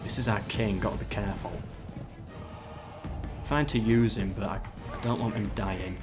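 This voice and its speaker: A man's voice: fairly low pitch, steady tone, moderate pace. A man casually commenting while playing a strategy game live, ordering his troops and chatting with viewers. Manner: chatty, gives orders to troops, talks to chat. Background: game music.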